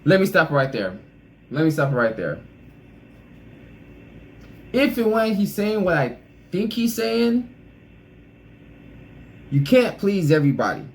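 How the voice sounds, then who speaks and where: A man's voice: a little high, very animated, takes it slowly, pauses often, a little hiss or hum, rough recording. A man hosting a casual reaction video, blunt and opinionated, talking straight to the person he reacts to.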